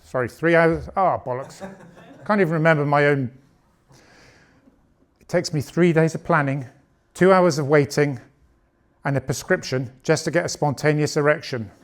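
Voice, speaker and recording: A man's voice: a little high, moderate pace, long pauses. Bawdy British man in his fifties. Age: 50s. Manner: bawdy, conversational, punchy delivery. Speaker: stand-up comedian. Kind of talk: stand-up comedy set. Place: comedy club on stage.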